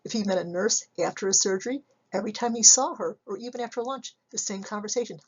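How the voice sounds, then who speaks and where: A woman psychology instructor giving a recorded slide lecture, measured and explanatory, often asking rhetorical questions. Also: mid-range voice, husky, lo-fi sound.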